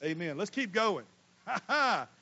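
A man preaching a sermon as pastor, swinging between loud emphatic lines and quiet asides. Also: sits high, sing-song, measured pace, muffled recording. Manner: folksy, casual Southern US speech.

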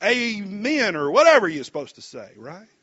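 High, bright-voiced preacher man. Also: very animated, normal speed, lo-fi sound. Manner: rambling, many fillers, rises to emphatic peaks. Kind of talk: sermon.

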